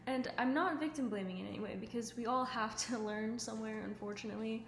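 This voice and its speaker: A woman's voice: a little high, fast talker, few pauses. A woman giving self-improvement advice to camera at home, talking casually and earnestly, with lots of "like" and "um". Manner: earnest and chatty, full of "like" and "um". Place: at home indoors. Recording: echoey room with faint ambient noise.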